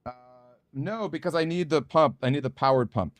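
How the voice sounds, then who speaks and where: This let's play clip features a male gaming streamer with a fairly high voice, muttering nervously as he plans his moves aloud. He speaks at a moderate pace, recorded dry.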